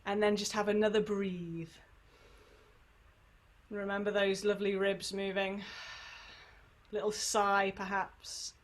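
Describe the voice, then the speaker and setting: A woman leading an online sing-along warm-up over a computer microphone, chatty and encouraging, with playful asides. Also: medium pitch. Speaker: singing workshop leader.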